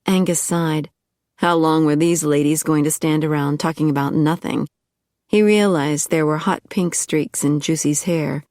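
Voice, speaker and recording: A woman reads an audiobook in a low, wry voice. The sound is dry and close, with no room around it. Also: steady tone, measured pace, darkish tone, no room sound. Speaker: audiobook narrator. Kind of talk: scripted narration.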